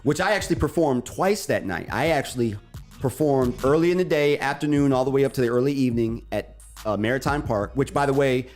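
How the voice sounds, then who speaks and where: A man co-hosting a radio talk show, telling a long personal story in a lively, animated way and acting out the other people's lines. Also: mid-range voice, a little fast, soft background music.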